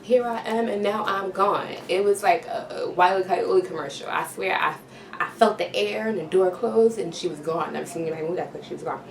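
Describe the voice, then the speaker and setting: A woman's voice: lowish voice, fairly quick. A woman vlogger telling a storytime tale, full of slang and sound effects. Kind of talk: storytime vlog. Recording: roomy, distant, noisy home recording.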